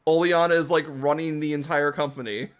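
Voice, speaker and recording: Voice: medium pitch, steady tone, brisk, smooth. A game streamer giving casual let's-play commentary, chatty and rambling, often breaking into laughter.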